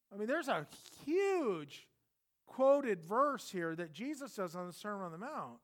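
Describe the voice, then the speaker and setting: A man preaching an expository sermon in a conversational way, swinging from loud emphatic bursts to hushed intensity. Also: high voice, very animated, unhurried. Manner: conversational, repeats words when restarting. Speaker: pastor.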